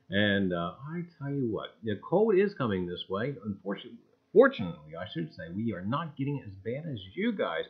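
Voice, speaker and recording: A man's voice: big pitch swings, normal speed, husky, dull audio. Bouncy, hammy man greeting his viewers. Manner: exuberant, greets chatters one by one with sudden loud jumps in pitch; repeats catchphrases like "gang" and "I tell you". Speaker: livestream host. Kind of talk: casual livestream chat.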